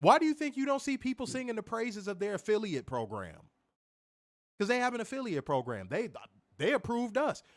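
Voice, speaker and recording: A man's voice: sits high, big pitch swings, a little fast. A man co-hosting a wrestling podcast, ranting heatedly with plenty of profanity in a casual, fired-up way.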